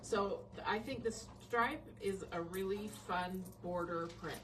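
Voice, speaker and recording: A woman's voice: medium pitch, a little slow, recorded from a distance, slight background noise, poor audio. A woman teaching a quilting lesson on a live stream, explaining in a friendly, casual way. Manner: friendly, explanatory, laughs often.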